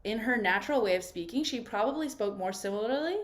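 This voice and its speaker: A woman's voice: on the high side, animated, fast talker. A woman voice coach leading a live online workshop over a video call, talking in an encouraging, conversational way and often checking in with "right?".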